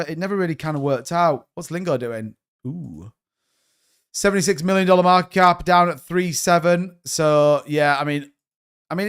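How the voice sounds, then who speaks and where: Smooth-voiced man rambling on stream. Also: on the high side, a bit bright. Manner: rambling, exasperated, thinks aloud while browsing charts. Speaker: crypto livestream host. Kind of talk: casual live stream commentary.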